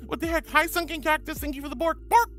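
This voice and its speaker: A woman's voice: high voice, fairly even intonation, quick pace, a bit bright, faint music behind. A woman streaming live, chatting casually with viewers in a bubbly, giggly way, calling them honey and sweetie.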